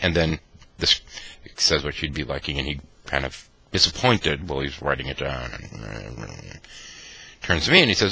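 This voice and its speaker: A man vlogging, telling a wry personal anecdote in an animated, mock-dramatic way. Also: rumbling low, normal speed, creaky, breathy edge, no room sound. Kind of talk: anecdotal storytelling.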